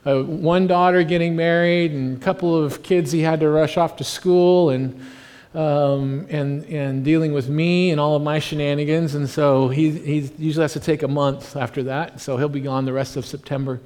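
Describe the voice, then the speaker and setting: A forties-aged US pastor offers a casual, joking sermon that wanders through fillers and asides in a church hall with long reverb. His voice is on the high side and a little mellow, holding a steady tone at a moderate pace.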